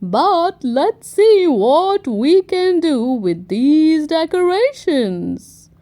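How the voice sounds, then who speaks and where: A woman's voice: high-pitched, very animated, very slow, dark tone, heavily acted. A woman voicing a playful, jolly old grandfather pig in a storybook read-aloud.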